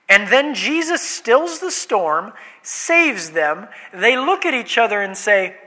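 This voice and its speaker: A man preaching a sermon, animated, swinging between loud emphasis and hushed asides. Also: very high-pitched, takes it slowly. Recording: long reverb of a hall.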